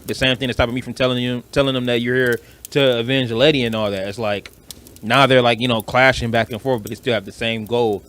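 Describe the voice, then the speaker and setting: A man with a Detroit accent, co-hosting a podcast in casual chat, blunt and animated, swearing freely. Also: mid-range voice, a little fast, clear, resonant tone. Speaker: podcast co-host.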